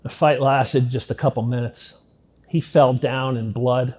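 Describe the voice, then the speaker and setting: Middle-aged man, interview subject. Blunt, profane first-person storytelling at an average pitch, swinging between hushed and heated. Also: fairly even intonation, a little slow, husky. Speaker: interviewee recounting his past.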